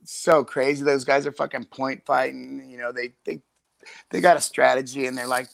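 A man's voice: medium pitch, fairly even intonation, moderate pace, vocal fry, fairly bright tone, no echo. A man in his fifties, a guest in a casual chat, telling long profane stories in a rambling way.

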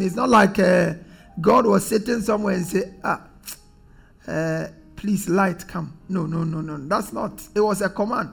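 A man's voice: sits high, creaky, breathy edge. A man preaching a sermon as pastor, emphatic and repetitive, reading scripture aloud.

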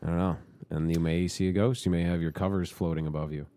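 A man's voice: low voice, fairly even intonation, fast talker, mellow. A man co-hosting a podcast, trading crude jokes and banter. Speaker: podcast co-host. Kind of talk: casual chat.

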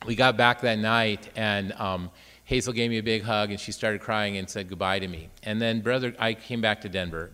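A man's voice: lowish voice, in a large hall. A man in his late fifties, a priest, telling a personal story in a homily and acting out the voices of the people in it. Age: 50s. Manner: lively storyteller acting out both sides of dialogue.

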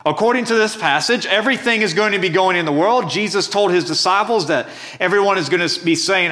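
A man's voice: high-pitched, a little fast, bright, forceful tone. A man preaching a sermon as pastor, reading scripture and explaining it earnestly and emphatically.

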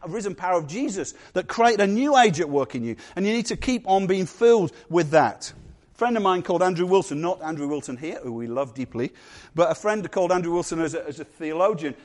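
Male pastor, higher voice, animated sermon delivery with playful asides.

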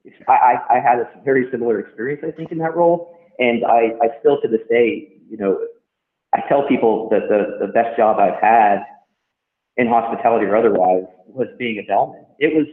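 A man's voice: mid-range voice, a little fast. A man, a hotel general manager, talking casually in an interview, rambling with many restarts. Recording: tinny phone-line sound in an echoey room.

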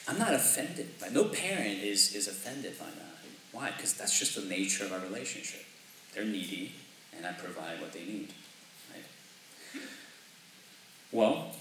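A man's voice: lowish voice, bright, forceful tone, heavy reverb, recorded from a distance, a little hiss or hum, rough recording. A man preaching a sermon as pastor, in a conversational way, often asking "right?" and laughing lightly. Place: church sanctuary.

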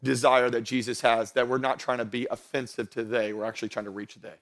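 A young adult man, a pastor, preaching a sermon to his church, building to loud emphatic passages and joking with the congregation. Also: mid-range voice, level tone, a little fast. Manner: jokes with the congregation. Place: church stage before a congregation.

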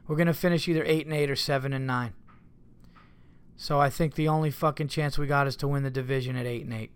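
A man's voice: mid-range voice, fairly even intonation, quick pace, smooth. A man hosting a solo podcast, rambling casually, cursing often and getting exasperated. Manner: rambling, profane, easily exasperated. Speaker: comedian podcast host.

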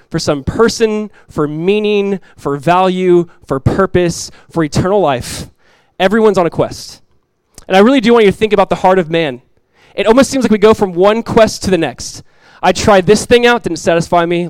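A man's voice: high-pitched, normal speed, smooth, no echo, rough recording. Conversational preacher, a man. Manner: conversational, animated storytelling with asides. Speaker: pastor. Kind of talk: sermon.

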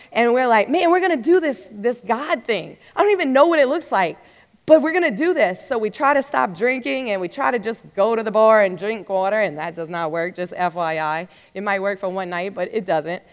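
High-voiced woman telling her testimony in a reverberant hall. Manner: animated storytelling, acting out her own past thoughts. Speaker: speaker sharing her testimony. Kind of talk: personal testimony.

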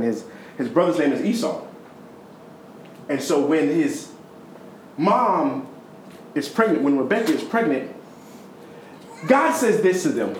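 A man preaching a sermon, retelling a story in a conversational way with sudden high, emphatic stretches and low, quiet ones. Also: sing-song, takes it slowly, pauses often, reverberant, slight background noise, low-quality recording.

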